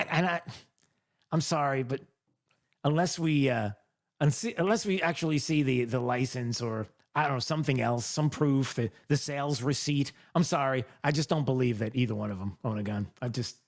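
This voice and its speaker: A man's voice: medium pitch, moderate pace. A male host giving sarcastic, mocking political commentary on a microphone.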